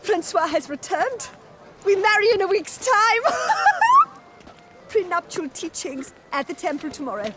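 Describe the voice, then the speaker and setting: A woman's voice: extremely high pitch, animated, measured pace, over loud music. An actress playing a joyful young bride-to-be in a video game, speaking formally and gushing about her plans.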